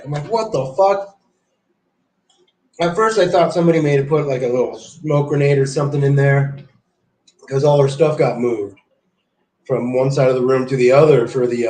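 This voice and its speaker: A man streaming live, chatting casually and telling stories in a rambling, profane way. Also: medium pitch. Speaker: livestreamer. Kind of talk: casual livestream chat. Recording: echoey room.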